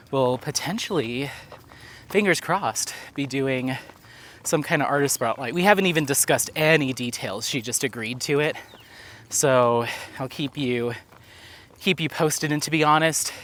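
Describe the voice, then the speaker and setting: A man rambles chattily while walking outdoors for his vlog, slightly winded and filling his speech with fillers. He has a medium-pitched, somewhat bright voice.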